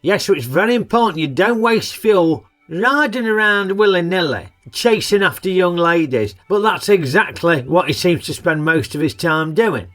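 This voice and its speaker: Man, cheeky sarcastic film reviewer, lively bouncy pitch, faint music behind. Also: moderate pace, hardly any pauses. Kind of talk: comic film review narration.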